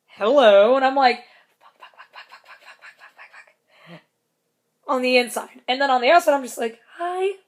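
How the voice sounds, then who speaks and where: A young woman recounting a night at a show in a casual vlog. She talks in a loose, rambling way, swears often and laughs through the funny parts. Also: a little high. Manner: chatty, swears a lot, laughs often, acts out quotes. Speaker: concert fan telling a story.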